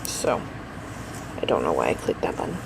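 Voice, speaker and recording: A woman's voice: rumbling low, wildly swooping pitch, moderate pace, creaky, background noise. A tired middle-aged woman rambling through a casual daily vlog, full of fillers and asides. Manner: rambling, chatty, lots of fillers. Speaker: vlogger.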